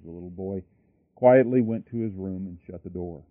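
A man's voice: low voice, moderate pace, no room sound. A man preaching a sermon, building emphasis by repeating his phrases. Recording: tinny phone-like line, dry.

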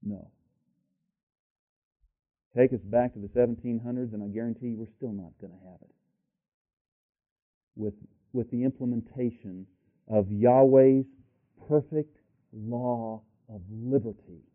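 A man preaching a sermon, firing rhetorical questions at the congregation and rising to loud, emphatic peaks. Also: mid-range voice, steady tone, measured pace, pauses often. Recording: tinny phone-like audio.

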